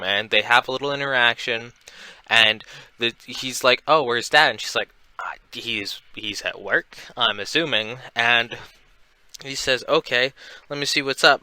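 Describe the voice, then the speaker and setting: A man's voice: mid-range voice, sharp tone, clear, resonant tone, no room sound, poor audio. A young man casually recapping a comic book, paraphrasing the characters' lines in a loose, filler-heavy way. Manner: retells scenes with loose quoted dialogue, many fillers.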